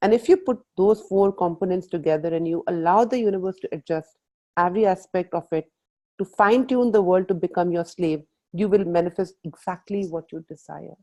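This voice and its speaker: A woman's voice: lowish voice, brisk, low-quality recording. A woman leading a coaching workshop, asking the group questions and mixing in Hindi phrases. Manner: lively, playful, asks the group questions, mixes in Hindi phrases. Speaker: workshop facilitator. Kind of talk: live coaching talk on a video call.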